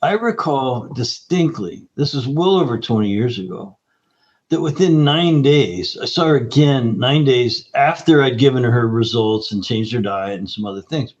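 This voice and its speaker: Male guest, animated storyteller, mid pitch, slightly muffled recording. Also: normal speed. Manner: lively anecdotal storyteller. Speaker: guest nutritionist. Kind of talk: storytelling interview talk. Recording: slightly dull lo-fi audio.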